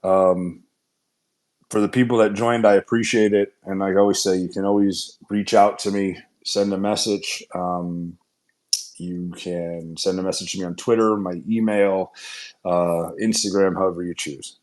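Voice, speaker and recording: Exec guy running a shareholder q&a, lowish voice, earnest and upbeat, keeps restarting his sentences. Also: fairly even intonation, normal speed, darkish tone. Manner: earnest, upbeat, talks in loose run-on restarts. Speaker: company executive hosting a shareholder Q&A. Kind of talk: casual conference-call Q&A.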